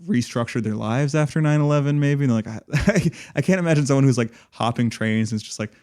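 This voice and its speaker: A man's voice: medium pitch, fast, a little mellow. A man co-hosting a podcast, talking casually and rambling, with many fillers and restarts. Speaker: podcast co-host.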